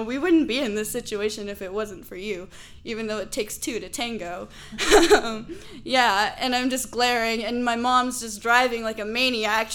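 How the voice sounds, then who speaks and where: A woman's voice: on the high side, fairly bright tone. A young woman telling a personal story, laughing often and acting out the people she quotes.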